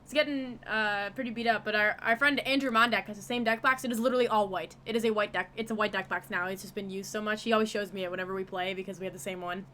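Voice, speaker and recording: A woman with a bright voice talks quickly in a casual livestream chat. She sounds a little distant from the mic, with faint room noise behind her. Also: medium pitch, steady tone. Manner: chatty, quick asides from off to the side. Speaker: co-host on stream.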